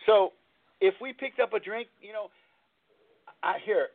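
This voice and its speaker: Man, call-in show host, earnest and rambling, high voice, tinny lo-fi line. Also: measured pace. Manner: rambling, earnest, repeats himself. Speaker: recovery talk show host. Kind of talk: call-in talk show storytelling. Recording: tinny phone-line sound.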